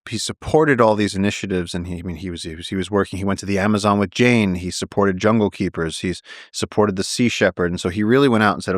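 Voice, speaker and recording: A man guest on a podcast, a naturalist telling stories in an animated way, with tumbling phrases and frequent restarts. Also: low voice, fast talker, hardly any pauses, no room sound, studio quality. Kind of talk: casual storytelling conversation.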